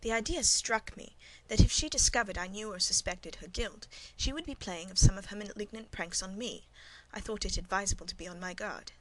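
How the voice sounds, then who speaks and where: A woman reading a classic novel aloud as first-person scripted narration, measured and even. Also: mid-range voice, a little hiss or hum, poor audio. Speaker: audiobook narrator.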